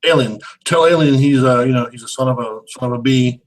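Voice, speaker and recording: A man's voice: mid-range voice, brisk, low-quality recording. A man co-hosting a casual movie review, amused and rambling, often restarting his sentences. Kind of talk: casual chat.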